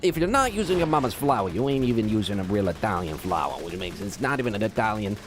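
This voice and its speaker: A man's voice: fairly low pitch, very animated, quick pace, slight background noise. A man voicing an indignant Italian pasta purist who rants in a mock Italian accent. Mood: outraged.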